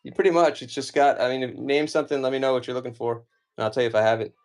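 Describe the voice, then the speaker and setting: A man in his forties from the United States sells comics on a live stream, chatting casually through the auction. His middle-pitched, darkish voice runs very fast as he rambles from thought to thought, packed with fillers like "like" and "you know".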